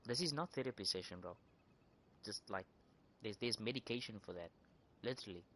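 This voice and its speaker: A woman's voice: a bass voice, animated, brisk, a bit bright, a little hiss or hum. A woman streaming a game, cracking profane jokes and ranting in mock outrage at the characters. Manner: profane, joking, mock-indignant; rambling with repeated words. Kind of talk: casual gaming commentary.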